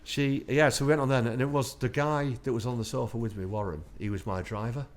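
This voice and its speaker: A man's voice: medium pitch, fairly even intonation, brisk. A man, an army veteran guest telling chatty anecdotes in an interview and laughing through his stories. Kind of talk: casual storytelling interview.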